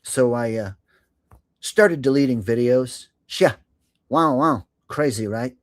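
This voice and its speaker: A man's voice: mid-range voice, slow, dry recording, studio quality. A man hosting a live stream, chatting casually and sarcastically, swearing freely and laughing at his own jokes.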